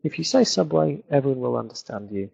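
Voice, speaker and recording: A man's voice: medium pitch, very animated, fast, creaky, darkish tone, husky, muffled recording. A man with a Northern English accent, an English teacher answering viewer questions in a webinar, explaining things with many fillers. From England. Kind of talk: webinar Q&A lesson.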